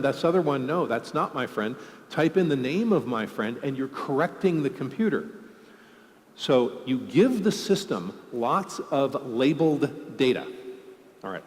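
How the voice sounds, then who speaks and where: A man giving a conference keynote, joking and explaining with everyday examples. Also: medium pitch. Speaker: conference speaker. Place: large conference hall. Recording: long hall reverb.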